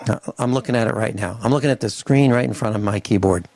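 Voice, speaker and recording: A male radio talk host with a gravelly, creaky voice launches into a grumbling, animated rant. He acts out short mock conversations between people. The studio mic sounds dry and close, with no room echo. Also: fairly low pitch, fast talker. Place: home studio on a farm. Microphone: studio microphone.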